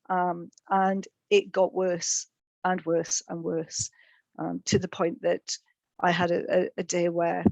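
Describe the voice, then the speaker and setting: A middle-aged woman giving a personal testimony in a webinar, speaking in a halting way with frequent ums and repeated words. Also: fairly low pitch, vocal fry, no room sound, rough recording. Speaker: speaker sharing lived experience in a webinar.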